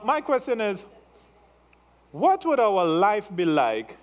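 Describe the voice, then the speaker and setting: A male pastor with a slightly raised voice and an accent delivers a sermon at an unhurried pace. He teases his congregation in a playful way and keeps checking in with them. His delivery is loose and conversational rather than formal. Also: high voice. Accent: non-native English. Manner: playful, teasing the congregation, tag questions.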